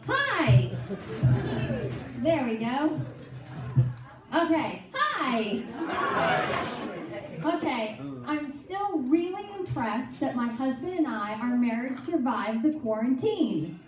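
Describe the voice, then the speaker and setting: A woman's voice: high voice, sing-song, takes it slowly, long pauses, very noisy. A woman performing a chatty, self-mocking stand-up comedy set on a club stage. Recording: echoey club audio from far off, loud crowd. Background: audience laughter.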